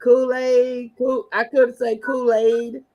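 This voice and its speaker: Woman from the carolina countryside, unhurried, chatty, laughs thru her stories. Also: fairly high pitch, animated, fairly bright tone, dull audio. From rural South Carolina. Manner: slow, laughing storyteller. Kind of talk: casual chat.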